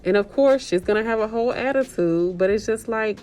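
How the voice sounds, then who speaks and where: A young woman nurse vents in a loose, casual vlog style. She speaks straight to her audience, exasperated and blunt, letting swear words slip in. Faint music sits quietly under her voice. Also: on the high side, fairly quick, hardly any pauses. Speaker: agency nurse vlogger. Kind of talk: casual vlog rant to viewers.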